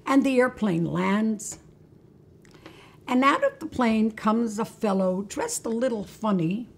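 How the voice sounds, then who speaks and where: A woman's voice: fairly high pitch, lively intonation, slow, creaky, husky. A woman hosting a religious talk, telling a story in a conversational way and inviting listeners along. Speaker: host.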